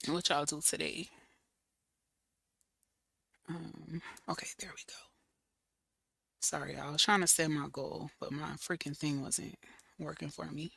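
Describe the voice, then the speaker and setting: A hoarse woman hosts a casual livestream and greets her viewers one by one. She talks slowly in a relaxed, familiar way. Her raspy voice has a bright, forceful edge, and the sound is dry and close. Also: deep voice, no room sound, low-quality recording. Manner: chatty, greets viewers by name, loose and familiar. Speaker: livestream host.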